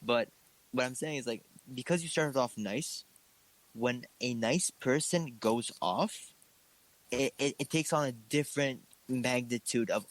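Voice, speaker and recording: A young man co-hosting a relaxed chat, teasing his friend before patiently explaining his reasoning. His voice sits in an ordinary middle pitch. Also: measured pace, dry recording, low-quality recording. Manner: joking, then calmly explaining his view. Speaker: podcast co-host. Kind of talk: casual chat.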